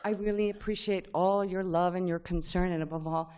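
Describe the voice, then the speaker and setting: A middle-aged woman whose first language is Spanish, giving a lively personal tribute speech with acted-out quotes. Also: on the low side, a little fast, smooth. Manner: animated storytelling with acted-out quotes. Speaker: speaker at a tribute event.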